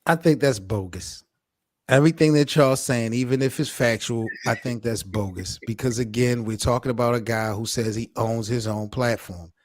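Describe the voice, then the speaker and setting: A man's voice: mid-range voice, normal speed, dry recording. A man co-hosting a sports podcast, pushing back and challenging the others in casual debate. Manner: challenging, argumentative. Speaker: podcast co-host.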